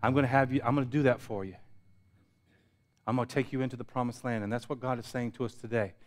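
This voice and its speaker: A pastor preaching a sermon, building intensity through repetition and dropping to quiet asides. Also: male voice, mid-range voice, fairly even intonation, fast. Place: church sanctuary.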